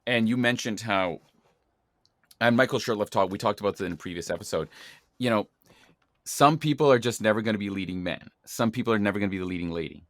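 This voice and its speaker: A man hosting a podcast talks with emphatic enthusiasm, leaning hard on his key words. His voice sits a little low, and the sound is dry and close, with no room around it. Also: quick pace, a bit bright, dry recording. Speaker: podcast host. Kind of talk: podcast interview conversation.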